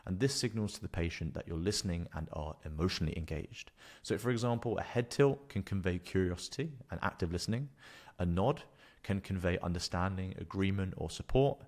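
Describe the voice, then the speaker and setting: A man, a doctor narrating a scripted exam-preparation tutorial in a calm, measured, explanatory way. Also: low-pitched.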